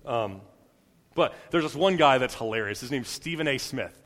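A young man delivers a sermon in an easy, chatty way, full of fillers and quick restarts. His voice is middle-pitched, and it rings out into a large hall with a long tail of reverb. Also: animated, a bit bright. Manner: conversational, many fillers and restarts, acts out quotes. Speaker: preacher. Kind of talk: casual sermon.

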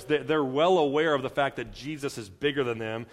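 A young preacher gives a casual sermon in an easy, chatty manner, packed with fillers and quick restarts, and he acts out quotes. His middle-pitched voice rings through a large hall with a long reverb tail.

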